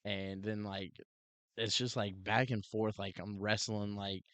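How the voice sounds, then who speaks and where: A man with a fairly low voice tells a story on a podcast in a loose, animated way. He keeps saying "like" and "dude" and acts out what people said. The sound is dry and close. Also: measured pace, no echo. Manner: animated, heavy use of "like" and "dude", acts out quotes. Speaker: podcast co-host, police officer. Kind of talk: casual storytelling chat.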